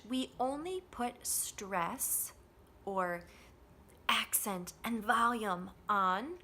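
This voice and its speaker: A woman teaching an English pronunciation lesson, modeling stress and rhythm with slow, deliberate phrasing. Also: mid-range voice, pushed and bright.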